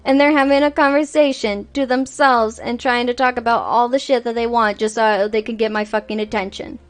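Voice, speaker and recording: Brief: female VTuber streamer, high-ish voice, exasperated, swears freely while ranting. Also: fairly even intonation, brisk. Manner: exasperated, profane storytelling. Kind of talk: casual livestream rant.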